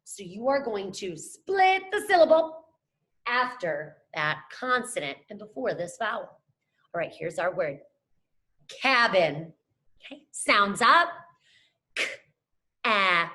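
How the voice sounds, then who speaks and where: Bright, lively woman teaching young children. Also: medium pitch, unhurried. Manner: upbeat, encouraging, talks to children as friends. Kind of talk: scripted classroom lesson to camera.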